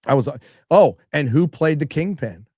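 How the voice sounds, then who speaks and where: A man's voice: a little high, lively intonation, normal speed, a little mellow, no echo. Casual middle-aged male streamer, dry sound. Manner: casual, swears often, reads out viewer messages. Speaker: livestream host reading donations. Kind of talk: casual live-stream chat.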